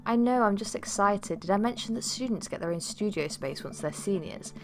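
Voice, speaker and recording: A woman's voice: mid-range voice, expressive, fairly quick, soft background music, close to an everyday voice. A woman voicing an eager, chatty teenage girl headed to college, in a game read-along. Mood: excited.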